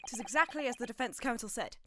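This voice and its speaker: A woman's voice: fairly high pitch, lively intonation, fast talker, background noise, voice pushed up, close to an everyday voice. A woman voicing a jovial middle-aged Irish man in a lilting put-on accent, reading game dialogue on a stream. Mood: earnest. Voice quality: lilting, folksy turns of phrase. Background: background music.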